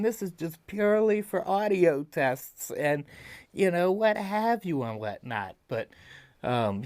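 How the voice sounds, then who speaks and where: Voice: medium pitch, dry recording. Drowsy rambling voice in a test clip. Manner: drowsy, rambling, playful with a cat. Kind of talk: casual audio test recording.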